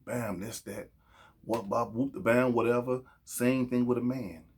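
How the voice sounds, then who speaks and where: Man, podcast host, husky, emphatic monologue. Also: mid-range voice, a little slow, a little mellow. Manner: preachy and emphatic, acts out quoted voices. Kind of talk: casual opinion monologue.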